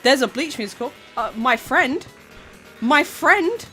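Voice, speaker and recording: A woman's voice: sits high, expressive, measured pace, sharp tone. A woman streamer chatting casually, rambling and giggling, with frequent stammering restarts. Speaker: VTuber streamer. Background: faint background music.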